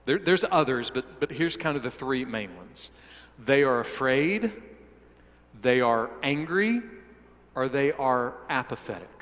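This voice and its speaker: A man's voice: medium pitch, lively intonation, measured pace, a bit bright. A male pastor preaching a sermon, often repeating words as he restarts and putting direct questions to the listeners. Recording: long hall reverb.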